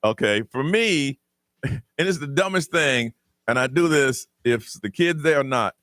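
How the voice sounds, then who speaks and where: A man's voice: mid-range voice, unhurried, no echo. A man hosting a morning radio show, bantering with his co-hosts, laughing often and reading out the call-in numbers. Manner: lively, laughs often, reads phone numbers. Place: radio studio. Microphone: studio microphone.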